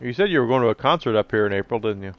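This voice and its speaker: A man's voice: medium pitch, lively intonation, rapid-fire, muffled recording. A middle-aged man streaming live, rambling casually and answering his viewers' chat messages.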